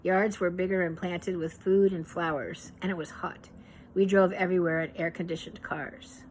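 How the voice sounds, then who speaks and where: A woman from Pittsburgh reading her memoir aloud in an unhurried, reflective way, now and then correcting herself. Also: fairly low pitch, fairly even intonation, darkish tone, slight background noise, poor audio. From Pittsburgh, USA.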